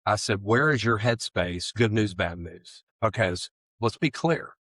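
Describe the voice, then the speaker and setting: A middle-aged man, earnestly telling his own recovery story in an interview and getting animated as he acts out his old excuses. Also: fairly low pitch, unhurried, few pauses, no echo. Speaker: guest sharing recovery story.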